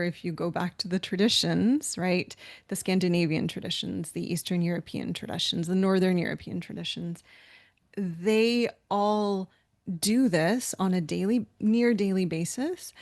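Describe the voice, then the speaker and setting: A woman's voice: medium pitch, darkish tone, dry recording, clean studio sound. A woman co-hosting a webinar, talking in a chatty, anecdotal way with frequent fillers and restarts. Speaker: webinar co-host. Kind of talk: conversational webinar discussion.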